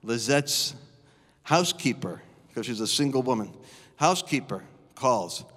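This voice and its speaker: A middle-aged man preaching live in a church, telling stories with animated, dramatic flair. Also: mid-range voice, measured pace. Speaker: guest preacher. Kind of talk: live sermon storytelling. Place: church auditorium. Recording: long reverb of a church hall.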